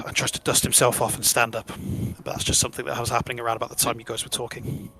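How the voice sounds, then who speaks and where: A man narrating as game master of a tabletop game, describing scenes in a relaxed way with frequent restarts. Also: mid-range voice, very fast, slightly rough.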